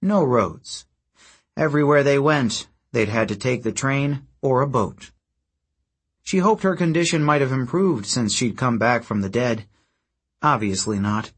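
A man narrating an audiobook in a steady storytelling manner with a husky voice. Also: medium pitch. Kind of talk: scripted narration.

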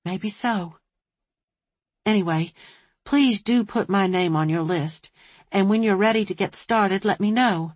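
A woman voicing a composed young woman in an audiobook, speaking evenly and factually in a husky voice. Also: mid-range voice, unhurried, pauses often, no echo, natural voice. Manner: even and factual. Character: composed young woman facing hard times.

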